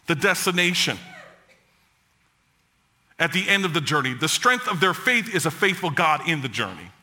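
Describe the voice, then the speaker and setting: A male pastor delivers a sermon with dramatic swings in volume and pitch. His voice is sharp and forceful and sits slightly high. He jokes now and then with the congregation. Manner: dramatic preaching, drops low and soft for quoted words of God; joking with the congregation.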